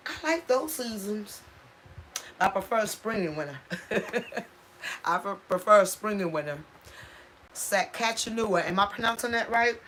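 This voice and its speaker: A woman's voice: medium pitch, expressive, a little slow, fairly bright tone, slight background noise. Chatty woman hosting a livestream. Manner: chatty, reads out viewer comments, stumbles over place names. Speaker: channel host. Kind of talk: casual livestream chat with viewers.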